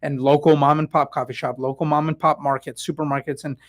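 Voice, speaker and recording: This is a middle-aged San Francisco Bay Area man who works in real estate, excitedly rambling through a relaxed live stream with many asides and fillers. His pitch is fairly high and his pace quick.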